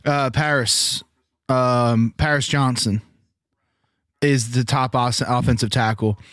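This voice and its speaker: A man co-hosting a casual draft-night chat, excitable and profane, quick to rant about picks. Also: medium pitch, no room sound, clean studio sound. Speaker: podcast co-host.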